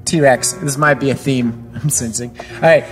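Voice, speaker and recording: A woman's voice: extremely low pitch, moderate pace, over music. A woman kids pastor interviewing children on a church show, upbeat and encouraging, with playful teasing questions and chatty fillers. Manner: chatty, with frequent fillers and restarts.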